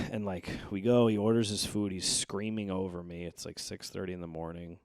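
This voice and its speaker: A man's voice: sits low, moderate pace, dry recording, studio quality. A young man, a stand-up comedian and guest, telling profane stories in casual chat and acting out the voices in them while hungover. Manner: animated, profane, acts out voices in his stories.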